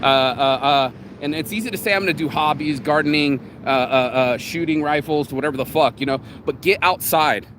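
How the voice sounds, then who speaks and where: A male vlogger delivers offhand morning motivation beside a road, rambling frankly, cursing freely and performing others' lines. He speaks slightly high and a bit quickly with few pauses, over background noise.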